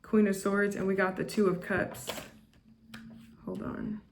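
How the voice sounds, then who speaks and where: A woman reading tarot cards in a loose, rambling way, circling back on her words and sprinkling in fillers. She turns blunt and judgmental about the people in the cards. A faint hiss sits under her mid-pitched voice. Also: flat delivery, a little slow. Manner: chatty, repetitive, with frequent restarts and "like". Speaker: tarot reader. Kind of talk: casual tarot reading to camera.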